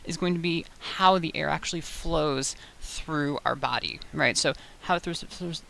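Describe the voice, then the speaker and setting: Young woman, casual voice coach, bright and gravelly, chatty with self-corrections, slight hiss. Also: deep voice, normal speed. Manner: chatty, loose, many fillers and self-corrections. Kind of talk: casual tutorial talk to camera. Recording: faint hiss.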